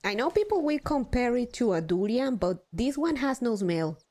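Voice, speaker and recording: A woman's voice: on the high side, big pitch swings, normal speed, mellow. A young adult woman live streaming, chatting casually, swearing now and then and poking fun at herself. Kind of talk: casual chat while gaming.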